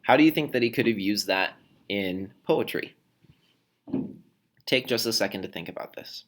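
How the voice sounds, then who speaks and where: A man's voice: lowish voice, expressive, normal speed, a bit bright. A man teacher explaining how to read poetry aloud in a recorded lesson, demonstrating points with his own voice.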